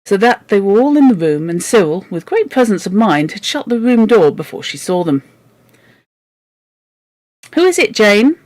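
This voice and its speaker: A woman's voice: medium pitch, animated, a little fast, hardly any pauses, darkish tone, no room sound. A woman reading a children's novel aloud for a book club, with wry, joking asides.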